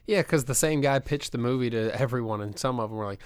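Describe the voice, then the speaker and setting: A man's voice: medium pitch, fast, smooth, no echo. A man in casual podcast chat, adding short, wry comments in an ordinary mid-range voice. The recording is close and dry. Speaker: podcast co-host.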